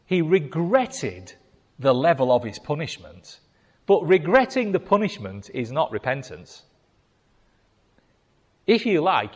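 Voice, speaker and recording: Male preacher, emphatic sermon, pitch swinging widely, long reverberant echo. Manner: emphatic, repeating key phrases.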